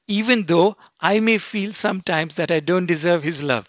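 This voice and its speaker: A male preacher giving a sermon, reading scripture slowly and stressing key words with rising emphasis. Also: high voice, fairly bright tone, no room sound.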